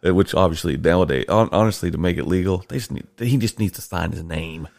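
A man's voice: low-pitched, fast talker, creaky, no room sound, studio quality. A man hosting a casual podcast with his father, telling stories with laughter and teasing. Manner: animated, laughing, teasing storyteller. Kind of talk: casual chat.

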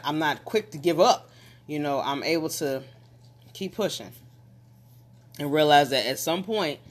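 A motivational speaker addresses listeners head-on with repeated, emphatic phrases. The delivery builds from reflective to forceful urging. Questions are fired straight at the audience, and the voice sits at a middle pitch.

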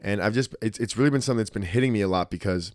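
A man co-hosting a casual chat, telling stories in an animated, profane way. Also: lowish voice, very fast, no echo, studio quality. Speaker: podcast co-host, martial arts school owner.

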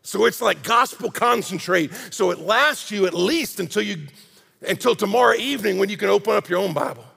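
A man preaching a sermon, impassioned, swinging between loud emphasis and hushed intensity. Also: high-pitched, lively intonation, fairly quick, gravelly, slightly rough. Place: large church sanctuary. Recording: long hall reverb.

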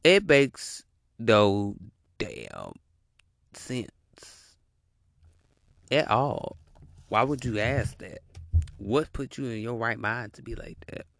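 Animated, heated man ranting. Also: mid-range voice, takes it slowly, vocal fry, pauses often, dry recording, clean studio sound. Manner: animated, profane, repeats punchlines. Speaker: commentator reacting to a video. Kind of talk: heated reaction rant.

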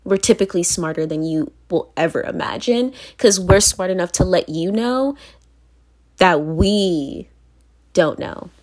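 A woman's voice: on the low side, lively intonation, unhurried, a little mellow. A woman from Virginia talking straight to camera in a blunt, profane monologue, repeating phrases for emphasis and laughing between points. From Virginia, United States. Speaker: vlogger.

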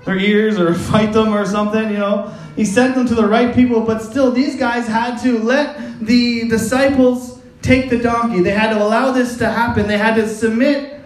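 A man with a high-pitched voice preaching a sermon in a casual, joking tone, often laughing and slipping into quick voices for the people he talks about. His voice rings around a roomy, echoing space. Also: steady tone. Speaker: pastor.

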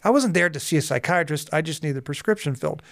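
A man in his forties, a guest on a podcast interview, telling personal stories in a lively way and acting out the dialogue. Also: fairly high pitch, fast, vocal fry, dry recording, clean studio sound. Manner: lively storyteller who acts out dialogue. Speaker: guest, hypnotherapist and coach.

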